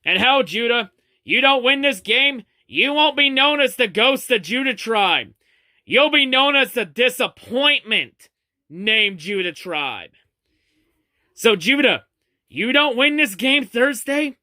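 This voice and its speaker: A man from the Detroit area taunts a rival in a profane, confrontational diss rant. His voice sits high and cuts with a sharp, piercing brightness. The sound is dry and close, with no room around it. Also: sing-song, slow pace, no echo. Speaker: fan channel host. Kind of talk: ranting diss video to camera.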